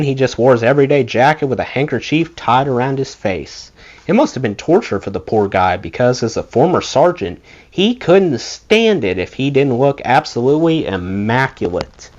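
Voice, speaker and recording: A man reads a memoir aloud, his pitch rising and falling freely. The recording sounds dull and lo-fi. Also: a little mellow. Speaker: audiobook reader.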